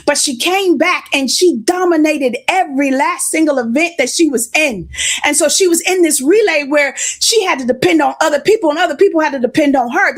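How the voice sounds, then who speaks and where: High-pitched woman preacher, stuffy nose, chatty sermon delivery. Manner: conversational, greets listeners by name. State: congested.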